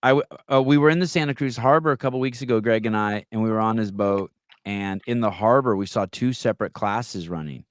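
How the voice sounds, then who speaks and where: Man, low voice, animated storyteller, casual podcast chat, dry close sound. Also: dry recording. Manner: animated storyteller, quick retorts. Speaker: podcast host.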